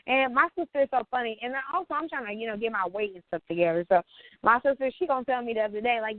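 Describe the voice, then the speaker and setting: A woman's voice: on the high side, quick pace, dry recording. Blunt chatty woman on a phone line. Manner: blunt, animated storytelling with slang. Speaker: podcast co-host. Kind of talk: casual podcast chat.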